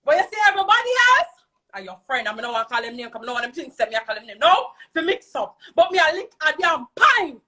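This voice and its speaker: A woman's voice: fairly high pitch, animated, fast talker, hardly any pauses, pushed and bright. A young Jamaican woman telling a heated story in patois, talking to camera in a vlog. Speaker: social media personality.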